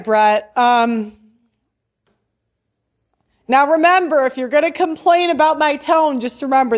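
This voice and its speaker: Blunt high-voiced woman commentator. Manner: blunt, laughs often, restarts sentences. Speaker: host. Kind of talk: opinionated casual commentary.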